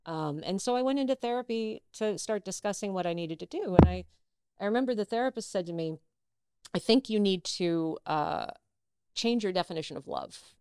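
A middle-aged actress, a guest in a casual interview, telling personal stories and acting out what others said. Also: female voice, mid-range voice, moderate pace, clear, resonant tone. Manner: animated, acts out quoted dialogue.

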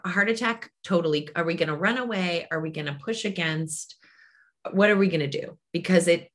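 A woman's voice: on the low side, a bit bright. A woman who works as a grief clinician and hosts a podcast, talking in an earnest, emphatic way and acting out the phrases people say. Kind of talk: casual conversation.

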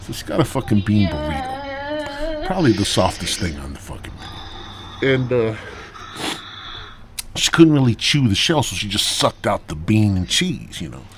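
A man's voice: lowish voice, wildly swooping pitch, moderate pace, long pauses, a crowd in the background. A man hosting a podcast, rambling through a crude, profane comic story in a stoned drawl. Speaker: podcast host.

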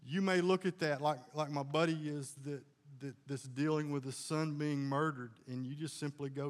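A male pastor delivering a sermon in a chatty, down-home storytelling manner, his voice sitting a bit higher than most men's. He talks to the congregation plainly and often backs up to restart a thought. The sound carries a long reverb from the church hall. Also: steady tone, normal speed, few pauses. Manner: folksy storytelling, conversational with restarts.

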